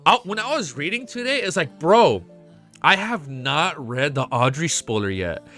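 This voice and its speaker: A young man streaming a casual reaction, excitable and swearing often, laughing between remarks. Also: fairly high pitch, normal speed, faint music behind. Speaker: streamer reacting to a web novel. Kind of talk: casual live reaction chat.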